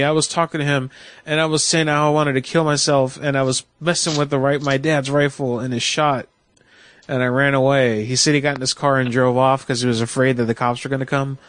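A man hosting a late-night internet radio show, rambling with many halting restarts. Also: medium pitch, fairly even intonation, a bit bright.

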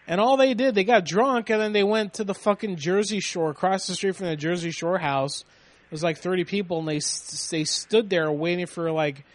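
Animated storyteller man with a high voice. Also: moderate pace, no room sound. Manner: animated storytelling, swears a lot, acts out quotes. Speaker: podcast co-host. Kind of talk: casual profane chat.

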